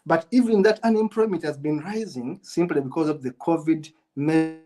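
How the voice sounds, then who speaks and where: A man's voice: on the high side, moderate pace, darkish tone, faint music behind, low-quality recording. A middle-aged man, a business coach, giving a motivational masterclass and repeating his key points for emphasis. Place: United Kingdom.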